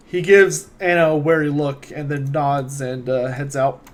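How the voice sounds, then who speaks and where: A man narrating a tabletop role-playing game as game master, unhurried and hesitant with fillers. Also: fairly high pitch, little pitch movement.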